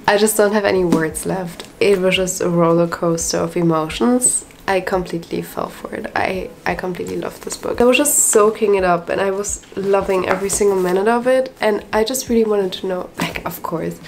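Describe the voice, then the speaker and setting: A woman's voice: medium pitch, noisy background. A young woman vlogging her reading day in a chatty, gushing way, tired and a little sleepy. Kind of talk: casual reading vlog.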